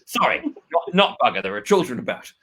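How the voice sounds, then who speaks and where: A man's voice: medium pitch, very animated, fairly quick, bright, forceful tone, rough recording. A man hosting a comic online auction, bumbling and hesitant with many fillers but playful. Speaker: comedy auctioneer host.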